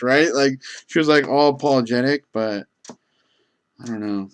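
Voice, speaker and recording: A man's voice: medium pitch, a little fast. A man working as a gas station clerk, telling rambling casual stories with lots of fillers. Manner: rambling, many fillers and restarts. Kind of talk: casual storytelling.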